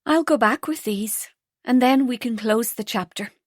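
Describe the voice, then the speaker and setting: A woman putting on an eager, lovestruck young woman, her voice lifted higher than the narrator's own and bubbling with excitement. She talks quickly and brightly, recorded in a dry, close booth for a storybook. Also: no room sound, close to an everyday voice. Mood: excited. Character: lively young woman in love, Rose.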